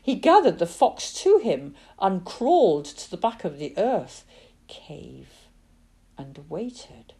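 A woman giving a dramatic, expressive reading of a children's novel as its narrator. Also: mid-range voice, measured pace, hardly any pauses, husky. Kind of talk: storybook narration.

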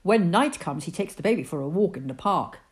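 A woman reading a children's storybook aloud in an expressive, sing-song way. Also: on the low side, fairly quick.

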